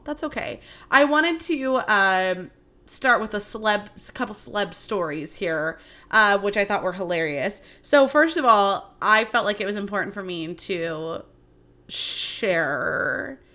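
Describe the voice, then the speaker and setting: A young adult woman hosting a solo podcast, chatting in a gossipy, animated way, swearing freely and laughing often. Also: mid-range voice. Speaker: podcast host. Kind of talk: casual solo podcast chat.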